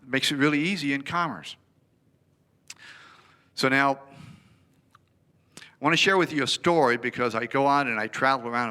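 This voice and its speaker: A man giving a presentation, an animated storyteller who acts out the dialogue. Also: medium pitch.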